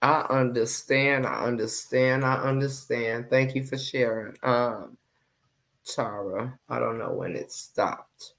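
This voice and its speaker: A woman's voice: rumbling low, fairly even intonation, takes it slowly, vocal fry, fairly bright tone. A woman hosting a live stream, chatting casually and unhurriedly to her viewers. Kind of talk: casual chat.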